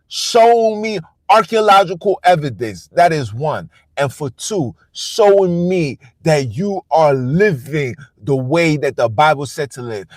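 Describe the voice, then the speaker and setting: A man with a voice on the high side, recorded dry, hosts a live stream. His monologue is a blunt, defiant, profane rant that keeps hammering the same phrases.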